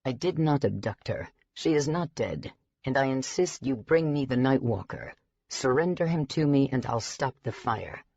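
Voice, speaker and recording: A woman voicing a cool, aloof male dragon shifter who speaks in a measured way. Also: very deep voice, expressive, creaky, dark tone, no echo, lo-fi sound, exaggerated voice.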